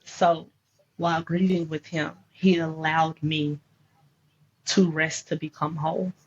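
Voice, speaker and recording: Husky-voiced woman, emphatic and preacherly. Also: deep voice, little pitch movement, slow pace. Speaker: life coach guest. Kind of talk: faith-based conversation. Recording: dull lo-fi sound.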